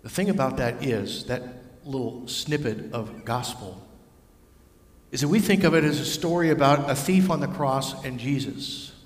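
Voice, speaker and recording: A man preaching a sermon as pastor, telling the story in a lively storytelling way. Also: medium pitch, normal speed. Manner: storytelling, varies voice for figures. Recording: echoey hall with long reverb.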